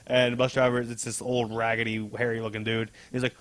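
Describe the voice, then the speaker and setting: A man's voice: mid-range voice, little pitch movement, brisk, a bit bright. A man co-hosting a podcast, casually recapping a comic with a rambling, laughing delivery and casual swearing. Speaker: podcast co-host.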